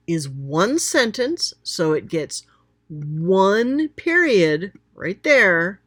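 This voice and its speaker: A woman's voice: medium pitch, very animated, slow pace, a bit bright, no echo, clean studio sound. A woman explaining a grammar lesson as a writing teacher, chatty and thinking aloud while pointing at examples.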